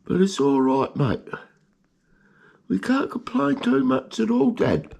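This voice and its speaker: A man voicing his contented male pet rat, answering him as "Dad" in a high squeaky put-on voice. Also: very animated, slow pace, vocal fry, a little mellow, exaggerated voice.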